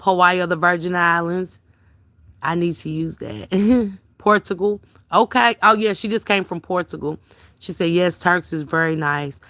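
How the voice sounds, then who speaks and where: Bright, chatty woman reading viewer comments. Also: fairly low pitch, dry recording. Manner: chatty, reads comments aloud and answers viewers by name. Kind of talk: casual livestream chat.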